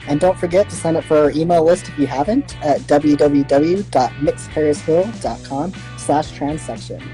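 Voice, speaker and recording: A man's voice: fairly high pitch, normal speed, dark tone, faint music behind, low-quality recording. A man co-hosting a podcast, telling a frank, joking story in casual chat. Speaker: podcast co-host.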